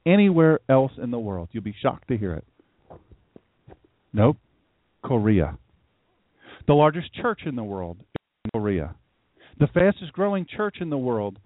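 Animated preacher man, tinny dry sound. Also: dry recording. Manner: animated storytelling, acts out voices, jumps to high pitch for emphasis. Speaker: pastor. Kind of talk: casual sermon.

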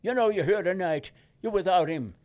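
A man's voice: animated, normal speed, darkish tone. An elderly man voicing a fervent male evangelist who preaches urgently to a big crowd. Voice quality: booming, urgent preaching cadence.

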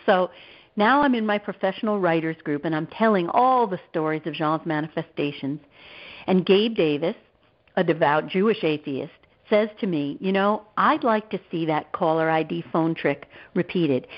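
A woman guest author and therapist telling a personal story in an interview, acting out the voices of the people she quotes. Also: fairly low pitch. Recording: dull lo-fi audio.

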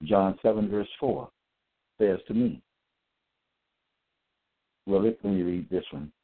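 A man's voice: fairly low pitch, slow pace. A man giving a solo lecture, reading out verses, repeating his points and asking listeners whether they got it. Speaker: self-styled preacher. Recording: tinny phone-like audio.

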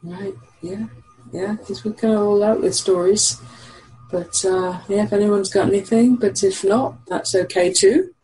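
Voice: medium pitch, fairly even intonation, unhurried, dark tone, breathy edge, soft background music, poor audio. A co-host chatting casually from home in an easygoing, rambling way with frequent chuckles. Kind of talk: casual call-in chat. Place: home with dogs nearby.

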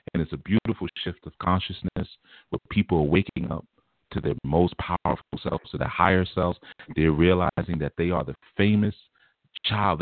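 Man doing a gushing spiritual guru, hushed and low, dreamy, tinny dry phone line. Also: no echo. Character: soft-spoken flattering spiritual guru man.

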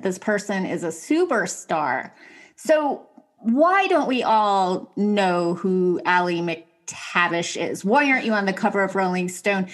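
A woman hosting a podcast, talking in an effusive, enthusiastic way as she opens the show and interviews a guest. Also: on the high side. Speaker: podcast host.

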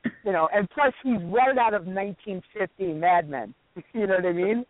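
Brash jokey man with a high voice. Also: moderate pace, heavy background noise. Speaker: fill-in co-host. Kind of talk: casual comedy chat. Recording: dry phone-like audio.

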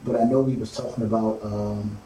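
A man hosting a casual talk show, speaking haltingly with many fillers and restarts. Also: lowish voice, steady tone, dark tone. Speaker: host. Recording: roomy, distant mic, faint background noise.

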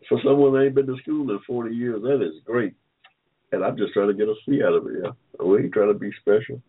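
A man's voice: lowish voice, normal speed, pauses often, breathy edge. An older man hosting an online talk show, chatting casually and joking with listeners, rambling and repeating himself. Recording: phone-like line.

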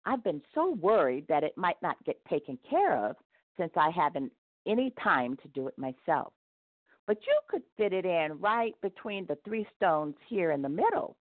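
A woman's voice: on the low side, big pitch swings, moderate pace, dry recording. A woman voicing the man's worried old friend in a storybook tale, coaxing and fretful. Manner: persuasive, fretful. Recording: tinny phone-like dry sound.

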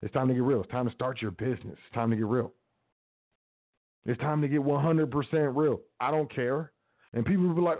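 A podcast host with a mid-range voice gives a motivational talk, speaking a little fast. He preaches casually with repetitive urging, and the audio is tinny and phone-like.

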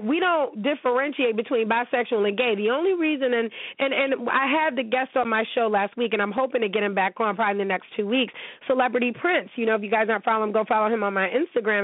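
Woman talk-show host, casual profane commentary, slightly high voice, tinny and dry. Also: dry recording. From United States. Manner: blunt, profane and animated.

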